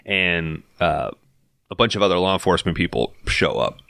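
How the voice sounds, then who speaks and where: Man, low voice, bright forceful tone, dry sound, swearing, lively film recap. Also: normal speed, gravelly, no room sound. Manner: profane, animated storytelling that acts out the characters' lines. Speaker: podcast co-host recapping a film. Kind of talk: casual film recap chat.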